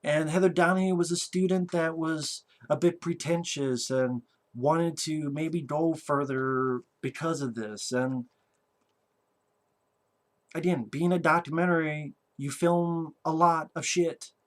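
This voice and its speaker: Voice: medium pitch, slow pace. A film reviewer giving a casual movie review rant, talking in a blunt, sarcastic way with a lot of swearing.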